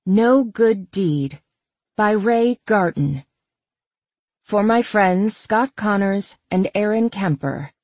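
Lady reading an audiobook, kinda husky, middle pitch, dry close sound. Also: expressive, slow, a little mellow, no echo. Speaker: audiobook narrator. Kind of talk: scripted narration.

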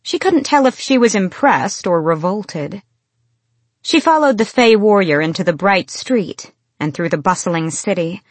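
Woman with a low, dry narrating voice. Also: no echo. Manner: measured, expressive storytelling. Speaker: audiobook narrator. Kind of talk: scripted fantasy narration.

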